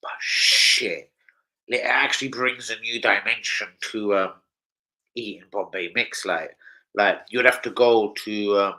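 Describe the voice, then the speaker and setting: On a casual live football stream, this London-accented host from London swears his way through rowdy stories, loud and prone to sudden shouting. His voice is fairly low and a little slow, and the recording is rough.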